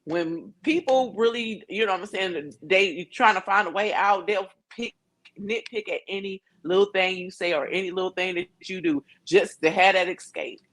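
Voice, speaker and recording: A woman's voice: medium pitch, normal speed, a bit bright. Emphatic woman guesting on a podcast. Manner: emphatic, relatable, laughs easily. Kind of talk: casual conversational podcast.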